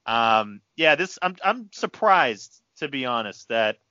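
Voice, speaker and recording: Bright-voiced man telling stories. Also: medium pitch, takes it slowly, dry recording, muffled recording. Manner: animated storyteller who acts out quotes. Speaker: guest. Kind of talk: casual podcast chat. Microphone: remote mic, muting for phone.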